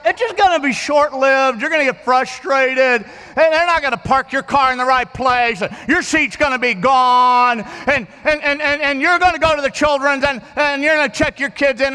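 A man's voice: very high-pitched, pushed and bright, in a large hall. A man preaching a sermon in a conversational way, repeating words and often checking that his listeners are following. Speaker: pastor.

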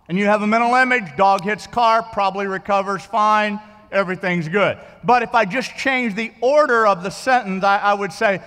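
Male pastor, very high and bright voice, conversational sermon that keeps checking in with the congregation. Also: normal speed, big-room sound. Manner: conversational, repeats words and checks in with listeners.

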